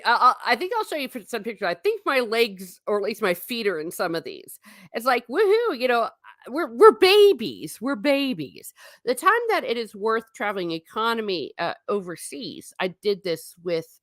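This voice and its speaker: The audio is clean studio sound without echo as a middle-aged livestream host chats and rambles. She reads comments from her chat, her pitch rising and falling with animation.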